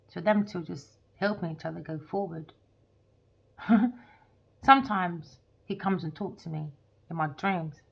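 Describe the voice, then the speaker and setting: A woman's voice: fairly low pitch, creaky, slightly rough. Ranting, swearing woman. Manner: heated, profane, swearing. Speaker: tarot reader. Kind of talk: ranting monologue. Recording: dull lo-fi recording.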